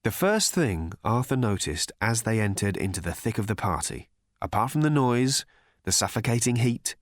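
A man narrating an audiobook with expressive comic timing. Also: on the low side, moderate pace, no echo, studio quality. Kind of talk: scripted narration.

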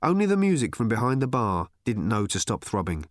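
A man with a medium-pitched voice narrates an audiobook briskly and expressively, like a storyteller. There's no room sound, just clean studio audio of the scripted reading.

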